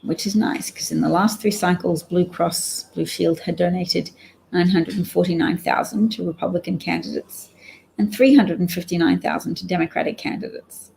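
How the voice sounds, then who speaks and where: A woman's voice: lowish voice, steady tone, moderate pace, vocal fry, darkish tone, a little hiss or hum, poor audio. A woman giving rambling, wry solo commentary on the news, reading out quotes and sounding sleepy. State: sleepy, yawning. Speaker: political commentator.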